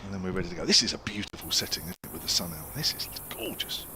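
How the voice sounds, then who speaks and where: Low-voiced male cricket commentator. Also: very fast, background noise. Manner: chatty, chiming in with asides to his co-commentator. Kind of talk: live sports commentary. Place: commentary position at an outdoor cricket ground.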